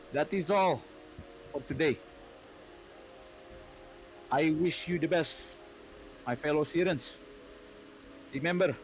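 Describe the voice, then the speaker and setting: A man voicing a deep, husky-voiced woman ruler who gives a slow, solemn address to her people in a tabletop game. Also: poor audio.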